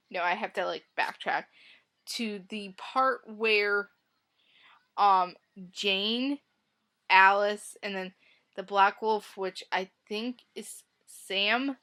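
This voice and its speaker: A woman talking straight to camera in a casual vlog, rambling and gushing with constant "like"s and restarts. Her voice sits at an ordinary middle pitch for a woman. She swings from loud, excited bursts to quiet asides. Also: drawn-out words, pauses often. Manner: emotional, jumps between loud outbursts and soft asides. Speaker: vlogger reviewing a film.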